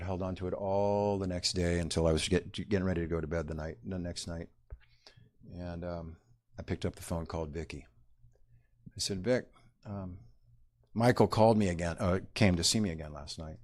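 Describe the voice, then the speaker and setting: A deep, low-pitched man in middle age tells a personal story to an audience. He speaks haltingly, pausing and reaching for words as he reflects. His voice carries emotion and stays close to tears. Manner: halting, reflective, many pauses and fillers.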